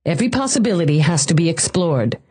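A woman's voice: lowish voice, sing-song, fast talker, mellow, breathy edge. A woman voicing a cool, tough woman cop in an audiobook, in a clipped and firm way.

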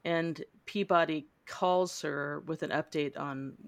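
A woman's voice: sits low, steady tone, slow pace. A woman hosting a casual book club podcast. She chats, reads passages aloud and laughs often. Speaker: podcast host.

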